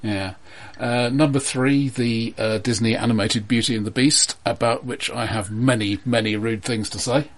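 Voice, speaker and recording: A man running through a film chart in a casual chat with a friend. He speaks in a measured, hesitant way, pausing often on ums and uhs. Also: medium pitch, fairly even intonation. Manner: measured, hesitant, many fillers. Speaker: podcast co-host presenting a chart.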